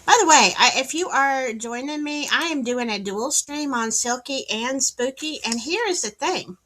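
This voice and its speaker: Speaking at a moderate pace in a high, bright, pushed voice, this Southern US woman runs a laid-back livestream. She greets viewers by name and chats with sassy remarks, using a wired streaming mic.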